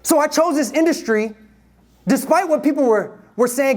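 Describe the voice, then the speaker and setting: A young man in his twenties from Detroit giving a live motivational talk, energetic and playful, leading the audience in call-and-response. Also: extremely high pitch, normal speed. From Detroit, USA. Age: 20s. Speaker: motivational speaker. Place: event room with a live audience. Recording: live room recording with crowd and noise.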